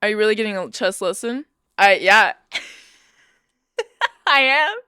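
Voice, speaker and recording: A woman's voice: mid-range voice, lively intonation, takes it slowly, bright, forceful tone, clear, resonant tone, no echo, clean studio sound. A young woman chatting casually with her live-stream audience, playful and teasing, laughing often. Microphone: Bluetooth headphones.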